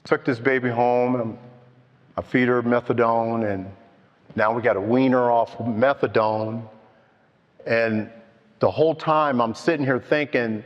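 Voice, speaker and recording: An older man telling his own story at a recovery meeting, slow and halting, heartfelt. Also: medium pitch. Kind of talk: personal testimony. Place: meeting hall. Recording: dull, with long hall echo.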